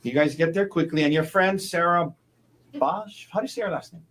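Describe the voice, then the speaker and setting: A man as a defense attorney cross-examining a witness in court, halting and repeating words, closing each point with a leading question. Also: on the high side, fairly bright tone, a little hiss or hum, poor audio.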